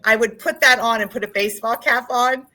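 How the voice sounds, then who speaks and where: A woman real estate agent speaking on a panel, telling emotional, animated stories about hard times. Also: a little high, brisk, low-quality recording. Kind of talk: candid panel talk.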